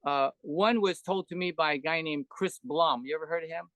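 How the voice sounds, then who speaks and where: Older male storyteller, high voice, dry close sound, loose rambling chat, acts out other voices. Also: fairly quick, fairly bright tone, dry recording. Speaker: podcast guest, veteran animator. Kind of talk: casual interview chat.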